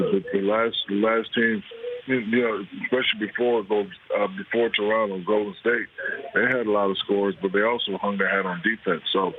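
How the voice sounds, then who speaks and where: A middle-aged man with a low voice, chatting in a relaxed way and often repeating words. He calls in from his kitchen, and the sound is thin and tinny like a phone line. A faint hiss sits under him. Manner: laid-back, repeats words while finding his point. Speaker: guest on phone. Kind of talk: casual chat. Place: home kitchen.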